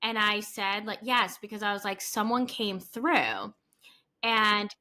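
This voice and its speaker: A woman co-hosting a podcast in relaxed conversation, talking in a loose, chatty way with frequent fillers. Her voice is bright and sits at a middling pitch. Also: a little slow. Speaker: podcast co-host. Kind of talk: casual chat.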